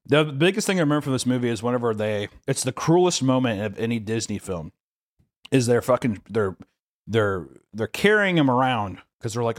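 A young man co-hosting a podcast in casual chat, animated and profane, often acting out voices. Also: medium pitch, brisk, no echo, studio quality. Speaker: podcast co-host.

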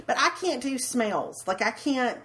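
A woman's voice: fairly high pitch, animated, a little slow, fairly bright tone. A woman, co-hosting a casual podcast chat, talking freely and often restarting and repeating her words. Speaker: podcast co-host.

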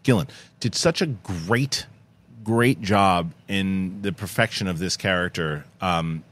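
A man's voice: low voice, takes it slowly, a bit bright. A man hosting a casual film discussion, enthusiastic and rambling, with frequent restarts. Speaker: podcast host.

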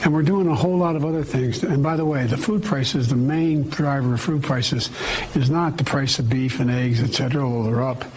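A man's voice: mid-range voice, fairly quick, a little mellow, low-quality recording. Older man rambling, faint noise behind.

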